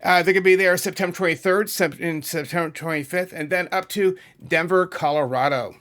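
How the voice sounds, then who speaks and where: He's a middle-aged YouTube music channel host from New England, USA, with a high, slightly bright voice and a fairly quick delivery. Speaking over a map, he rambles casually, tossing in asides and self-corrections.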